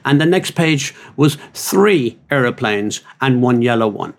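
A man's voice: medium pitch, expressive, measured pace, gravelly. An older man co-hosting a podcast, telling rambling, self-mocking stories in casual chat. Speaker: podcast co-host.

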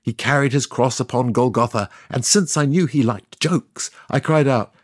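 An actor playing God as a sardonic narrator, telling the story in a scripted comic style with offhand asides. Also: male voice, mid-range voice, normal speed, dry recording, studio quality, natural voice. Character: God as a sardonic, boastful narrator, ageless man.

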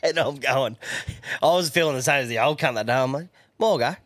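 A man's voice: mid-range voice, quick pace, background noise. A young Australian man co-hosting a casual podcast, blunt and reminiscing, swearing freely. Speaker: podcast co-host.

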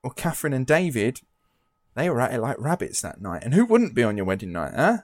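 A man co-hosting a true crime podcast, retelling the story in a loose, joking way. He laughs easily between lines. The recording is dry and close, with a middle-pitched voice. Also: big pitch swings, fairly quick, no room sound. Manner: chatty, laughs often, jokey. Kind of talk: casual true crime chat.

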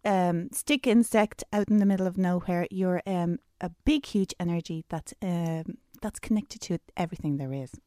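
A woman's voice: fairly low pitch, normal speed, hardly any pauses, mellow, dry recording. Dry-sounding woman explaining with emphasis. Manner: explanatory, repeats words for emphasis. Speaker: host, teacher of personal development. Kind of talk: teaching in casual chat.

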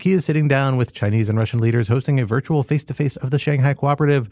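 A man's voice: mid-range voice, rapid-fire, few pauses, darkish tone, dry recording. A man hosting a podcast in a studio, introducing topics with playful wordplay and frequent laughs. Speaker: podcast host.

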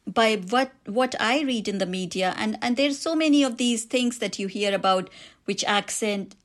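A woman with an Indian accent, an author answering interview questions about her book, reflective and quick to laugh. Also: a little high. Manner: reflective, laughs easily, frequent restarts.

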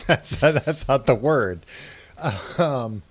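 A man's voice: medium pitch, breathy edge. A man co-hosting a podcast, dry and teasing, laughing often in casual comedic chat. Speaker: podcast co-host.

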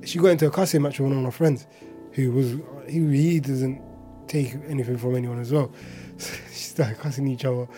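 A man's voice: medium pitch, fairly even intonation, brisk, mellow, faint music behind. A man casually telling a personal story, chatty and full of filler words and asides.

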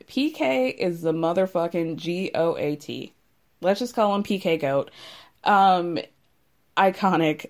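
A woman's voice: mid-range voice, a little mellow. A woman recapping a reality TV episode in a casual, gossipy way, swearing freely and filling her talk with "like.". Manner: chatty, gossipy, swears freely, frequent "like" fillers.

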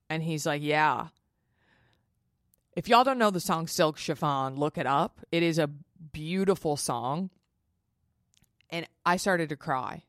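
A woman's voice: low voice, moderate pace, fairly bright tone, no room sound, studio quality. A young woman hosting a podcast, telling a personal story in a chatty, emotional way and acting out the dialogue. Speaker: podcast host. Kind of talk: casual storytelling.

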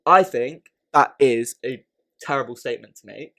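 A man's voice: mid-range voice, moderate pace, pushed and bright. A man co-hosting a podcast in casual chat, thinking aloud, repeating words and often checking "right?". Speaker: podcast co-host.

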